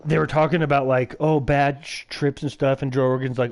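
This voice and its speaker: A man's voice: mid-range voice, flat delivery, a little fast, darkish tone. Rambling, swearing young-sounding streamer guy. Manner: rambling, heavy swearing, lots of filler "like". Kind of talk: casual chat while gaming.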